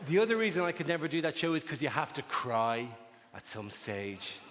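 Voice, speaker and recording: A man's voice: on the high side, very animated, brisk, background noise. A middle-aged Irish man doing a stand-up comedy set, wry and cynical, telling stories and slipping into voices. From Ireland. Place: large theatre with audience. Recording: live theatre with long reverb and audience.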